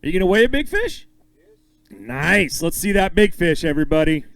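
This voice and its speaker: A man emceeing a bass-fishing weigh-in on an outdoor stage, upbeat and joking with the anglers as he calls out names and weights. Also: sing-song, moderate pace, vocal fry, fairly bright tone, no room sound, low-quality recording. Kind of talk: live emcee announcing with banter.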